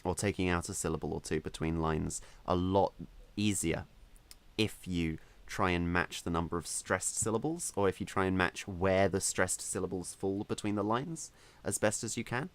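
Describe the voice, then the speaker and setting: Man, low voice, podcast co-host, opinionated, explains points with emphasis. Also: normal speed. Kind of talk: casual discussion of writing.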